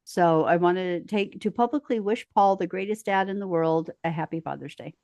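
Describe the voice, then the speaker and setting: A woman's voice: fairly low pitch, normal speed, darkish tone, dry recording, clean studio sound. A middle-aged Australian woman co-hosting a podcast, telling stories and teasing in casual chat. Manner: chatty, teasing, leads the topics. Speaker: podcast co-host.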